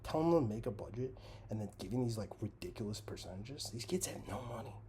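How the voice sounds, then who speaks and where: A man hosting a comedy commentary show, ranting sarcastically and swearing constantly, swinging between loud outbursts and mutters. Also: on the low side, animated, fast, slight background noise. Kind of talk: profane comedic rant.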